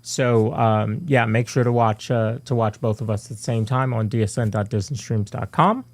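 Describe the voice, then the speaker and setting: A man with a gravelly, creaky voice co-hosts a live fan podcast. he rambles casually through announcements, full of fillers and restarts. the sound is dry and close, with no room in it. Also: mid-range voice, normal speed, dry recording. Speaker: podcast co-host.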